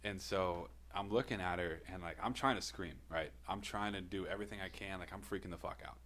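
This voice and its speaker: Very deep-voiced man swearing through a story. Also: a little fast, fairly bright tone, a little hiss or hum. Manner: profane, rambling, laughs between lines. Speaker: podcast co-host telling a personal story. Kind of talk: casual storytelling.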